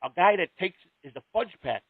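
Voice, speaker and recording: A high-voiced man hosts a call-in radio show, swearing freely and circling back over his own sentences. His pitch leaps around as he goes. The sound is thin and phone-like, with no room around it. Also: lively intonation, a little fast, creaky, no echo. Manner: profane, rambling and heated, with many restarts. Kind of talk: casual call-in radio talk. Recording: tinny, dry phone-line sound.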